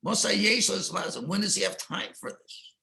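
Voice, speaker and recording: Guy giving a torah class, high bright voice w/ gravelly edge, tells stories. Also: moderate pace. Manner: animated storytelling with Hebrew and Yiddish terms. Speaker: Torah teacher.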